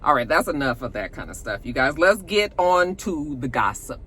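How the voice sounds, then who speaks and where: A woman's voice: deep voice, animated, moderate pace, over loud music. A woman hosting a gossip show from home, chatting casually and rambling to her viewers with lots of fillers. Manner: chatty, rambling, many fillers, addresses viewers as you guys.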